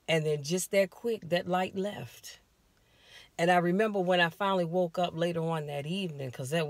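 Animated woman telling a story in a car. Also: deep voice, no room sound. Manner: animated, confiding, talks straight to listeners. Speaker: life coach. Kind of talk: casual personal storytelling.

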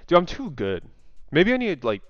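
A young man casually vlogging a daily guessing game, thinking aloud, excitable and swearing freely. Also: a little high, brisk, dry recording. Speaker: gaming content creator. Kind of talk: casual gaming vlog commentary. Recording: dry, slightly muffled home mic.

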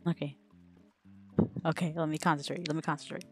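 A woman's voice: low-pitched, flat delivery, brisk, pauses often, soft background music. A woman game streamer chatting casually on a live stream, giggling as she stumbles over a tongue twister. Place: home streaming setup.

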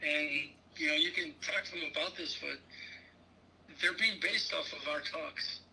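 Bright, gravelly man telling stories. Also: fairly high pitch, a little slow, slight background noise, low-quality recording. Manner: rambling, animated storyteller. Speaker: guest. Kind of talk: casual interview chat.

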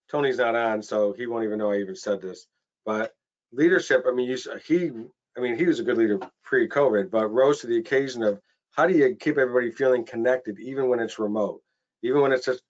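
A chatty man hosting a panel webinar over a video call, rambling a little and restarting his sentences. His voice is at a middle pitch and the audio sounds dull and lo-fi. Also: brisk. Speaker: webinar host. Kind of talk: casual webinar panel chat.

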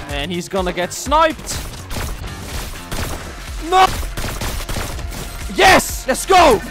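A young man giving excitable, trash-talking commentary over his own gameplay as a streamer. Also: very high-pitched, drawn-out words, pauses often. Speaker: gaming streamer. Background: game music.

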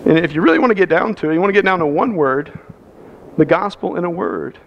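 A man's voice: high voice, fast, gravelly, highs cut off, a little hiss or hum. A man preaching a sermon as pastor, telling a story and acting out the dialogue. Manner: animated storyteller, acts out quoted dialogue. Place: church sanctuary.

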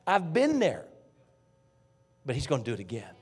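A man preaching a fervent sermon as a guest pastor in a church, talking folksy and straight to the congregation, dropping to hushed whispers and rising to near shouts. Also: medium pitch, wildly swooping pitch, moderate pace, breathy edge. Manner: folksy, addresses congregation directly. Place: church sanctuary.

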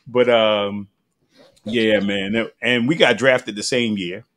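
A man's voice: fairly low pitch, fairly even intonation, takes it slowly, fairly bright tone. A man in his sixties with an American accent hosting a podcast, chatting casually and laughing often as he tells stories. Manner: laughs a lot, acts out quoted voices while telling stories. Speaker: podcast host. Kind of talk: casual chat.

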